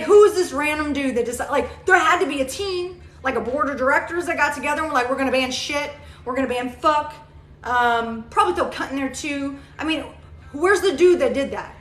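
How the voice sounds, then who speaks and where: A woman's voice: high-pitched, fairly bright tone. A woman hosting a casual livestream, chatting bluntly and profanely with viewers and rambling with lots of fillers. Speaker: livestream host. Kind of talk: casual live chat, answering viewer comments. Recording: echoey room, faint background noise.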